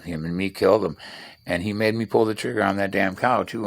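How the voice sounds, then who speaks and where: A gravelly, low-voiced middle-aged man with a drawl, talking in a loose, rambling vlog monologue. He swears freely and tells things bluntly while he tinkers with tools. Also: steady tone, quick pace. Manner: profane, blunt storyteller; talks while working with tools. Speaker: vlogger.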